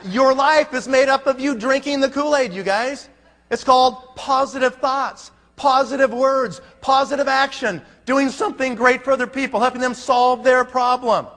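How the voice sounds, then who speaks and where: A man's voice: very high voice, fairly bright tone. A man giving a folksy motivational speech to a live audience, punchy and full of rhetorical questions. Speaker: network marketing leader. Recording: long hall reverb.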